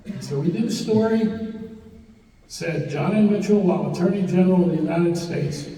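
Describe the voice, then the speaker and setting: A man's voice: on the high side, mellow, distant mic, a little hiss or hum. An older man, a journalist, recounting a detailed story with quoted dialogue at a live public talk. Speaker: journalist and panel speaker. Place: event hall with audience. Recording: echoey hall recording from afar.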